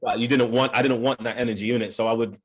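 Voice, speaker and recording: A man's voice: mid-range voice, steady tone, rapid-fire, crowd noise. A man with a London accent, talking casually as an interview guest, loose and full of fillers. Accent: London English. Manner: easygoing, rambling, with fillers and restarts.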